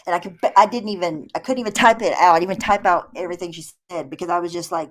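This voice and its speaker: A woman's voice: on the low side, racing, hardly any pauses. A woman from the co-hosting a casual reaction chat, indignant, swearing, with apologetic asides. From American South.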